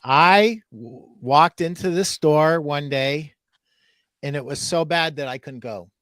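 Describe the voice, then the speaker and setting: A man hosting a podcast, telling a funny story in a lively way and laughing as he goes. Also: fairly high pitch, takes it slowly, no room sound, studio quality. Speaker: podcast host. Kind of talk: casual storytelling.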